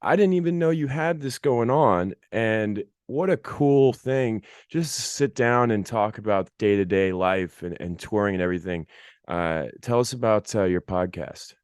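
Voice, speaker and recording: A male host leads a casual interview with plain enthusiasm, turning now and then to his listeners. His voice sits low and smooth. The sound is close and dry. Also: normal speed, a little mellow, no echo. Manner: enthusiastic, laid-back, talks to listeners directly. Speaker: radio show host.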